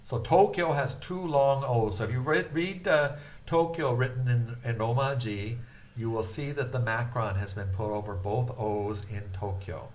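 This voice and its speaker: Speaking in a mid-range voice, an older man gives a beginner language lesson. He is patient, pauses and hesitates frequently, and carefully lengthens his syllables.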